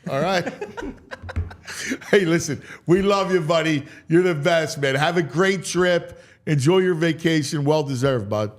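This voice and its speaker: A man's voice: on the high side, normal speed, few pauses. A man hosting a sports talk radio show, chatting casually with many stumbling restarts. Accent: Philadelphia.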